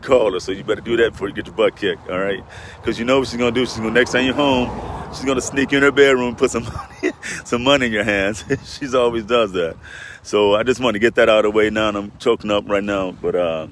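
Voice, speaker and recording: A middle-aged man chats on a live vlog from beside a lake, his voice sitting at an ordinary middle pitch. He rambles in a heartfelt way and circles back over the same points. Faint road traffic hums behind him. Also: a bit bright. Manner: rambling, heartfelt, repeats himself. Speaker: vlogger. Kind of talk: casual live vlog talk. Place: outdoors by a lake near a road.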